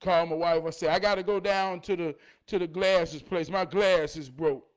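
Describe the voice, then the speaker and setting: A man telling a personal story as a life lesson. He swings between loud, animated bursts and low, quiet asides. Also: normal speed, clean tone. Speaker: motivational vlogger.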